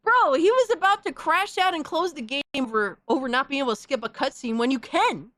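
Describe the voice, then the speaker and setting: A woman hosting a stream, chatting casually and reacting with excitable, profane trash talk. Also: sits high, fairly quick, dry recording, studio quality. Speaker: streamer host.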